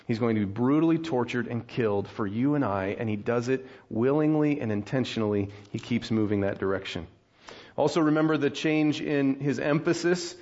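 A man preaching a sermon in a conversational way, walking through scripture and getting animated when he acts out frustration. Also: mid-range voice, moderate pace, highs cut off. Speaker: pastor.

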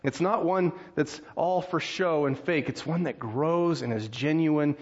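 A man preaching a sermon in a conversational way, walking through scripture and getting animated when he acts out frustration. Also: fairly high pitch, unhurried, muffled recording. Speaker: pastor.

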